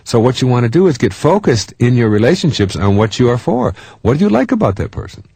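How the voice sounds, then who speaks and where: A middle-aged man giving a self-help talk in a lively way, often mimicking other people's voices and chuckling at his own jokes. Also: mid-range voice, fast, husky, no room sound. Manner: animated, jumps into mimicking voices; chuckles while telling jokes. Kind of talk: motivational talk.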